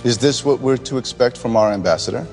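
A man plays a stern, cold senator at a hearing, interrogating in a measured mid-range voice. Faint music plays under the drama clip. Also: medium pitch, darkish tone, close to an everyday voice. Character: stern middle-aged male senator at a hearing.

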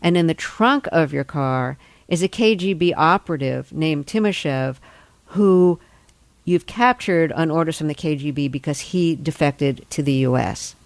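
An interviewer with a mid-range voice poses questions calmly and reads scene setups clearly. The recording is dry and close, with no room sound around it. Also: mid-range voice, a little slow, no echo. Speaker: interviewer host.

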